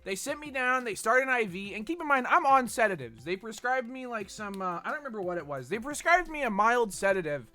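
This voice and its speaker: A man's voice: extremely high pitch, very animated, a little fast, few pauses, bright, forceful tone. A man streaming a game, chatting casually in a rambling, profane way. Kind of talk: casual chat while gaming.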